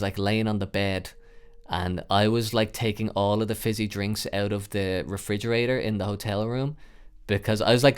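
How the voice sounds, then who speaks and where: In a smooth voice on the low side, a podcast host in his twenties recounts a wild story from his own life. He rambles, swears, uses plenty of fillers, and turns loud and animated when things get tense.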